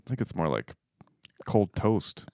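A woman co-hosting a comedy podcast, trading deadpan quips in casual banter. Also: very deep voice, a little slow, no echo, clean studio sound. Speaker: podcast co-host. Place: small home room.

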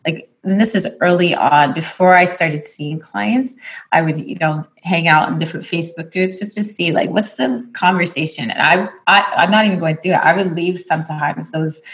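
A woman hosting a casual conversation, encouraging and direct as she gives advice. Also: lowish voice.

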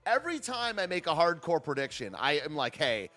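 A man's voice: fairly high pitch, sing-song, brisk, bright, forceful tone, faint music behind. A man hosting a livestream, chatting casually, reading chat aloud and joking sarcastically. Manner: sarcastic, laughs often, reads chat aloud. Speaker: livestream host.

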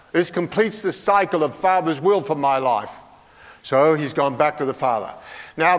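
A man's voice: high-pitched, in a large hall. An older man preaching a sermon in a folksy, humorous way, often putting questions to the congregation.

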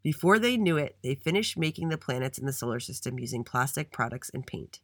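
Storyteller: a man narrating a kids' tale with an animated voice, dry booth sound. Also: mid-range voice, a little fast, no room sound. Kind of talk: reading a children's story aloud.

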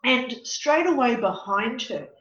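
Woman medium and counsellor, higher pitch, animated, recorded in a roomy space. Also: unhurried. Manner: animated, dramatic storytelling. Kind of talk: storytelling in an interview. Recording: echoey, dull lo-fi room.

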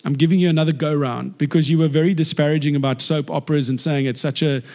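Man preaching in a reverberant hall. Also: fast talker. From South Africa. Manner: animated, acts out quoted voices with big pitch jumps. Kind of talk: sermon storytelling. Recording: long reverb of a large hall.

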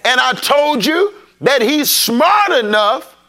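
A man preaching a sermon, calling out to the congregation and rising into shouts. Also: very high-pitched, very animated, slow pace. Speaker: pastor. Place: church sanctuary.

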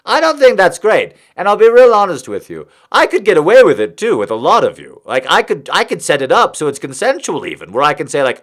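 A man's voice: fairly high pitch, huge pitch swings, a little fast, few pauses. A man hosting a podcast, delivering a rambling, confessional, self-mocking comic monologue.

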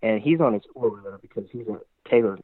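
A man's voice: lowish voice, fast talker. Man telling a hunting story over a tinny line. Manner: animated, rambling, heavy use of "like". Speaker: hunter guest. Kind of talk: excited storytelling in conversation. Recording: tinny phone-like line, dry.

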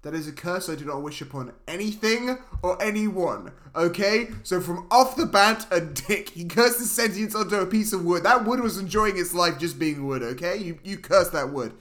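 A man co-hosting a film podcast, giving a deadpan, mock-serious rant in a casual comedic review. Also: sits high, moderate pace, few pauses. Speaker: podcast co-host.

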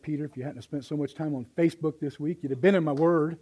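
Preacher, male, fairly high-voiced, folksy and fiery, live church sermon. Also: fairly even intonation, fast talker, few pauses, slightly rough, low-quality recording. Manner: folksy, impassioned, swings from hushed to loud. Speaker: pastor.

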